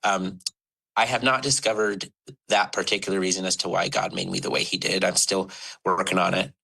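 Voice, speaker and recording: Deep, gravelly man telling his story haltingly. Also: little pitch movement, bright, forceful tone, poor audio. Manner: halting and earnest, many fillers and restarts. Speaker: podcast guest. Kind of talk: candid personal storytelling.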